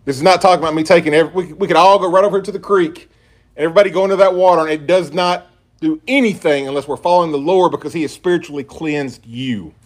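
A man's voice: fairly high pitch, fast talker. Emphatic preaching man. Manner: emphatic preaching, reading scripture aloud. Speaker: pastor. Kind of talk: sermon.

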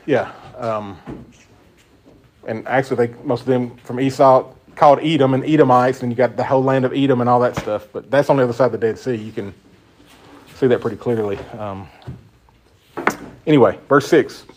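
A man leads an informal Bible study in a conversational, emphatic way. His voice sits at an ordinary middle pitch, and he stresses key points and puts questions to his group. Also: moderate pace, long pauses, a little mellow. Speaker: Bible teacher.

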